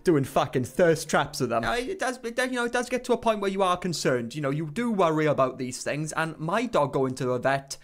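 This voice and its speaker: A man's voice: fairly high pitch, expressive, brisk, few pauses. Sarcastic commentary guy. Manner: dry, sarcastic, profane. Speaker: YouTube commentator.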